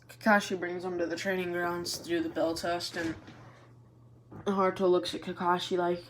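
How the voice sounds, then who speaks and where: A woman's voice: fairly low pitch, little pitch movement, normal speed. A woman casually narrating an improvised fan story, rambling and correcting herself as she goes. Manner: rambling, restarts often. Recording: echoey room, faint noise.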